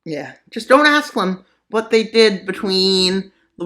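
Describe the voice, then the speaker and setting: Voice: lively intonation, slow pace, hardly any pauses, pushed and bright. A channel host narrating a map scenario in joking commentary, full of sarcastic asides and mock-serious mutters. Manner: voice jumps up for punchlines, drops low for mutters. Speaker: mapping video narrator. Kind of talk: joking geopolitical commentary over maps.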